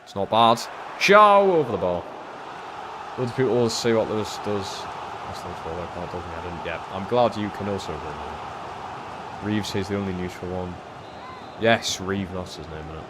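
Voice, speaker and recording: A young man streaming a football career game, chatting casually and swearing freely, jumping into loud excited shouts at big moments. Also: low-pitched, moderate pace, very noisy. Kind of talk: live-streamed gameplay commentary.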